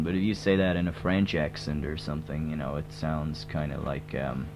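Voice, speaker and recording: Deep-voiced man in a put-on American accent. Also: brisk, few pauses. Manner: rambling, deadpan, full of hesitant fillers. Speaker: tribute band singer interviewed on radio. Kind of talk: comic radio interview. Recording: dull lo-fi old radio tape with hum.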